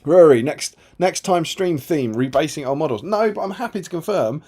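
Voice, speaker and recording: A man's voice: a little high, expressive, moderate pace, darkish tone, slightly rough. A man co-hosting a casual live stream, reading viewer comments aloud with a chatty, laughing manner. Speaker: co-host reading chat comments.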